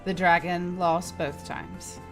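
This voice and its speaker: Bright-voiced woman gaming player. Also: fairly low pitch, little pitch movement, slow, soft background music. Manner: chatty, narrates her character's actions. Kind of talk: casual tabletop game chat. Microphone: online voice call.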